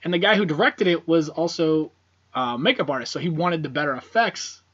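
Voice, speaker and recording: A man's voice: a little high, animated, fairly quick, fairly bright tone. A man co-hosting a casual horror film podcast, who rambles with lots of fillers and swears freely. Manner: rambling, profane, many fillers. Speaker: podcast co-host. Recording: dull lo-fi podcast audio.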